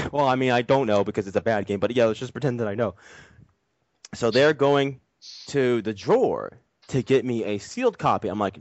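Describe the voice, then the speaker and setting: A man telling a long story in casual chat, animated and full of swearing. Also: mid-range voice, normal speed, no room sound. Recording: dry, dull lo-fi audio.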